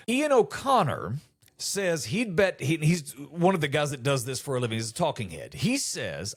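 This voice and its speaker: A middle-aged man hosting a comedy podcast, delivering an animated monologue and acting out quotes with mock disbelief. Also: mid-range voice.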